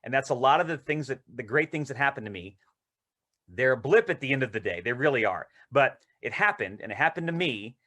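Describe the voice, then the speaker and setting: A male actor, interviewed as a guest, telling rambling, excited anecdotes in casual conversation. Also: mid-range voice, a little fast.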